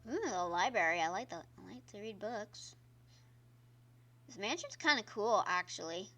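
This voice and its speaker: A woman's voice: medium pitch, animated, normal speed, a bit bright. A woman streamer giving casual gameplay commentary, chatty and exclaiming at the game while talking to her viewers. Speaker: gaming streamer. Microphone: own microphone.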